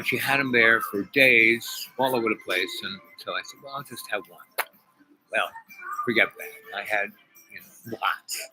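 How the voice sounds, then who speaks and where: A man's voice: fairly low pitch, bright, forceful tone, poor audio. A man vlogging to his viewers, telling a personal story in a rambling way, full of fillers and asides. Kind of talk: casual storytelling vlog.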